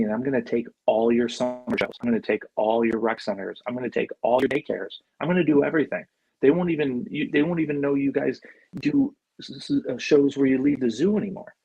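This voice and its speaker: This husky, medium-pitched man is a podcast guest in his forties from Buffalo, New York, heard on a rough recording. He tells stories casually and animatedly, acting out the voices of the people he quotes.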